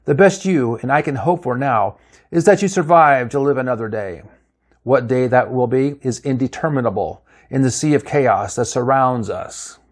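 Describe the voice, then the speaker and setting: A man plays an elderly physicist who appears out of nowhere with grave, solemn warnings. He speaks in a measured, story-reading voice at an ordinary middle pitch. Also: lightly acted. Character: older male physicist visitor, grave and prophetic.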